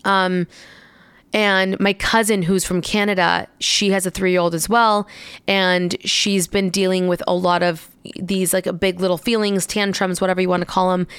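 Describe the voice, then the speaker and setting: A woman's voice: lowish voice, level tone, moderate pace, a bit bright, clean tone, no room sound. A young woman chatting casually to viewers as a parent, rambling with many fillers. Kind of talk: casual chat.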